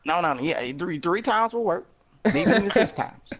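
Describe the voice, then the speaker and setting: A man's voice: high voice, lively intonation, moderate pace, a bit bright. A man guesting on a gaming podcast, joking around and repeating phrases as he signs off. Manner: playful, repeats phrases, hammy sign-off. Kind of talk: casual podcast chat.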